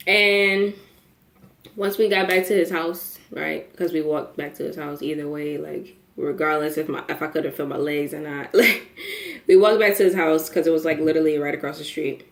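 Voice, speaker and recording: Animated young woman in an echoey room. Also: deep voice, normal speed, gravelly. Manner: animated, profane, laughs through the telling. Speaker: vlogger telling a story. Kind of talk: casual storytime.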